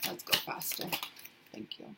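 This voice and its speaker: A woman's voice: unhurried, very noisy. A young woman giving a casual tarot reading to her viewers, chatty and sassy, with playful asides. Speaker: tarot reader. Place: indoors in a hot, humid city flat.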